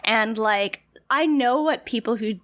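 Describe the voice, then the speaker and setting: A woman's voice: on the high side, a little slow, fairly bright tone. A young woman from Canada co-hosting a podcast, recapping a TV episode in casual, blunt chat and laughing often. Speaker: podcast co-host.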